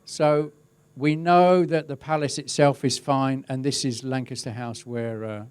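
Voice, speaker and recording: A man's voice: medium pitch, measured pace, clear, resonant tone. Wry middle-aged man telling a webinar story. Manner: relaxed storytelling with wry humour and chuckles. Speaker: crowd safety and event management specialist. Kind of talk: webinar presentation, telling an anecdote.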